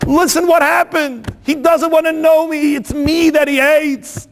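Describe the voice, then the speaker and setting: A man retelling the story gives voice to a wife at the end of her rope, pleading and repeating herself. The voice is very high and rings out with a long reverb. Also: unhurried, clean tone. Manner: pleading, breaking into repeated questions. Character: desperate young wife begging for help.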